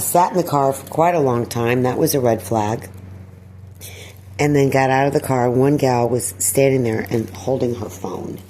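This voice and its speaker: A woman talking in a personal vlog monologue, weary and distressed, sighing and clearing her throat. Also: a bass voice, warm tone, slight background noise. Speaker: video blogger.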